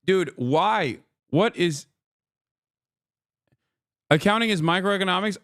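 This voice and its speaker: An exasperated male streamer rants through sarcastic political commentary and swears freely. His voice sits high for a man, and the sound is very dry and close, without any room echo. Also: moderate pace, fairly bright tone.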